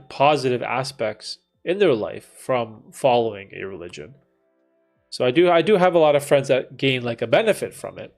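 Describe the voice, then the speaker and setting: A man in his thirties hosting a livestream, reading chat and talking in a casual, laid-back way, with frequent dude and bro and some swearing. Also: mid-range voice. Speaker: livestream host answering chat.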